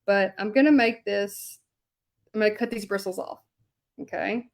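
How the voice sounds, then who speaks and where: A woman's voice: mid-range voice, moderate pace. A woman, chatting casually with viewers as she paints a sign in her craft studio. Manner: chatty, rambling, self-deprecating, answers viewer comments. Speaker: hand lettering artist and channel host. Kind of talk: casual chat while painting, talking to viewers.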